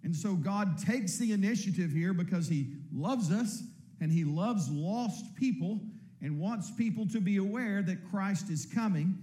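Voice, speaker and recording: A man preaching a sermon, earnest and emphatic, often repeating words and slowing to stress key points. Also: sits high, mellow, reverberant. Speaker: pastor.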